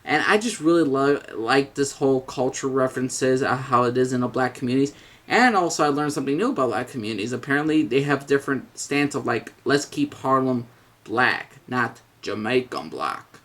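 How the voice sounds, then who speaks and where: Man, casual video review, rambling, lots of ums and restarts, blunt, mid-pitched voice. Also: fast, a bit bright. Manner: rambling, hesitant, with many fillers and restarts; blunt, mild swearing.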